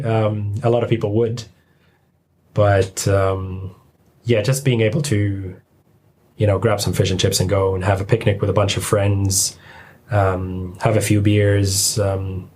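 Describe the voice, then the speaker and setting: A man talking as a podcast guest in a relaxed, easygoing way with many pauses and ums. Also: fairly low pitch, slight background noise. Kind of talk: casual chat.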